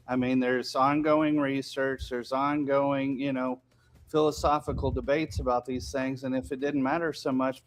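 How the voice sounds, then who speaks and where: A man giving polite closing remarks on a debate stream, halting and hesitant. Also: medium pitch. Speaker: panelist. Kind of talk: casual wrap-up remarks.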